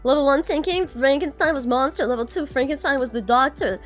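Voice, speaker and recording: A woman's voice: high-pitched, a little fast, faint music behind. A young adult woman streaming, chatting casually and greeting her viewers by name, bubbly and swearing now and then.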